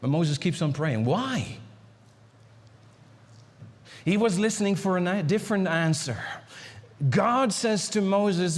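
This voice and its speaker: Earnest pastor preaching in a reverberant church. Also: male voice, lively intonation, slow, pauses often. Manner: pleading, repeats words and restarts; swings between high urgent and low hushed delivery. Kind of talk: sermon. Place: church sanctuary. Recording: long hall reverb in a church.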